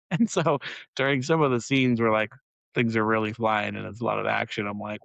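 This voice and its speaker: A man's voice: medium pitch, expressive, brisk, vocal fry, a bit bright, dry recording, muffled recording. A man co-hosting a podcast, chatting casually and rambling with many fillers and laughs. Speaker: podcast co-host. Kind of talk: casual chat.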